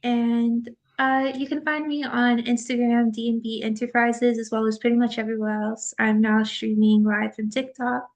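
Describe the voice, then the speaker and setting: A woman's voice: on the high side, flat delivery, moderate pace, few pauses. A woman from California introducing herself on a video call, upbeat and rambling. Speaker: table read participant. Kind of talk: casual self-introduction.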